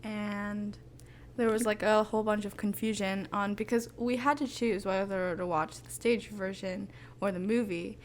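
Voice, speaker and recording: A woman's voice: mid-range voice, fairly even intonation, moderate pace, a little hiss or hum. A young woman co-hosting a podcast, chatting casually with giggly, self-mocking asides. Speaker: podcast co-host. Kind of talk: casual chat.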